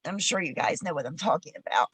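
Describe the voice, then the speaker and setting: A middle-aged woman talks through team news in a low, chatty voice, speaking openly about her feelings. Her voice sounds close and dry, with no room around it. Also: fast, fairly bright tone, husky, no echo, rough recording. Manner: chatty, emotional. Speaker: co-host. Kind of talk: casual team chat.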